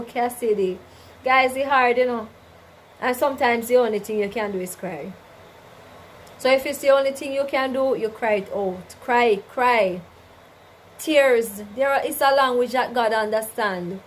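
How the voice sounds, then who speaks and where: Woman, livestream host, preachy, slightly high voice, faint background hiss. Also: rough recording. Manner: preachy, faith-driven advice with repeated "you understand?" and "right?". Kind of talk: casual livestream chat, reading viewer comments.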